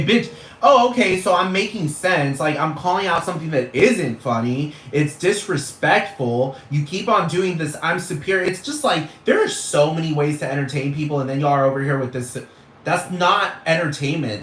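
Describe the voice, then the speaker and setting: A man's voice: fairly high pitch, fairly bright tone. A man in a rambling, profane rant, scoffing and exasperated, with constant swearing. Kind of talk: profane ranting monologue. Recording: echoey room with faint noise.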